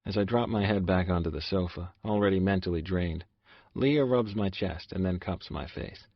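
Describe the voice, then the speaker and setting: Deep-voiced man narrating an audiobook. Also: moderate pace, dry recording, muffled recording. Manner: subdued, confessional storytelling. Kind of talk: first-person audiobook narration.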